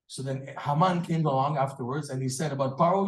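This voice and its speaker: A man giving a lively Torah class, acting out stories and laughing at his own jokes. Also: fairly high pitch, a little fast, few pauses. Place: hall or synagogue with audience. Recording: echoey room.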